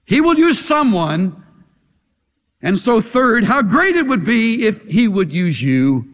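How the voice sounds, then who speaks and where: A man's voice: sits high, sing-song, slow, fairly bright tone, long reverb tail. A man preaching a sermon in a dramatic, emphatic way, pressing his point with rhetorical questions.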